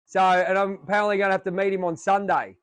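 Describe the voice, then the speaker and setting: A man's voice: sits high, fairly even intonation, quick pace, clear, resonant tone, no room sound, poor audio. A man with an Australian accent hosting a podcast in a chatty, jokey way, rambling with fillers. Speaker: podcast host. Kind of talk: casual chat.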